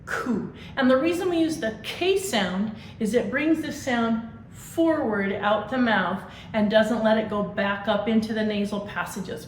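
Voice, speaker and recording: A woman leading a vocal warm-up, giving brisk, encouraging instructions and singing exercise syllables. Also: fairly high pitch. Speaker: vocal coach. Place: large convention hall. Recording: echoey hall, faint noise.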